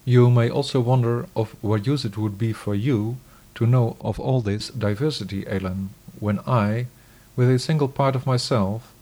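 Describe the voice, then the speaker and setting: A man giving a scripted scripture reading in a measured, solemn, declamatory way. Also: medium pitch, dark tone.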